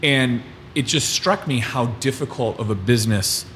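A man's voice: medium pitch, normal speed, fairly bright tone. A man talking casually on a podcast, musing with some hesitation as he thinks through his point. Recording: long reverb with faint noise.

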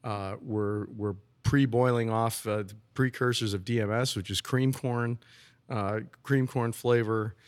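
A man's voice: medium pitch, steady tone, a little slow. A man who is a brewer, explaining his brewing process in casual podcast talk, often restarting and repeating words.

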